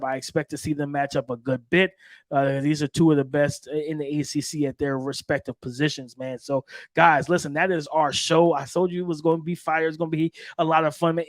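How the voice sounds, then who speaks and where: A man's voice: fairly high pitch, no echo. Hyped sports podcast host, man. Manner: hyped, repetitive, talking straight to listeners.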